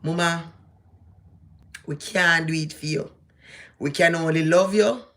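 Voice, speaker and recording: This Jamaican-accented vlogger has a low voice with fairly even intonation, a measured pace, and a touch of brightness. She talks directly to someone in a casual, emphatic, preachy way.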